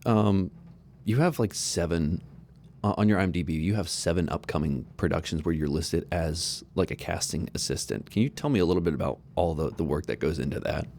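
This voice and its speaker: A man's voice: deep voice, brisk, vocal fry, a little mellow, slight background noise. A man hosting a podcast interview, asking loose, rambling questions in a casual tone. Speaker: podcast host.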